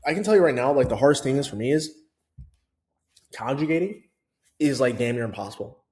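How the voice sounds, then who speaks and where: A man's voice: mid-range voice, expressive, a little fast, a little mellow. A man vlogging in a casual, rambling way about learning a language, with lots of fillers and restarts. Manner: chatty, full of fillers and restarts. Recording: roomy echo.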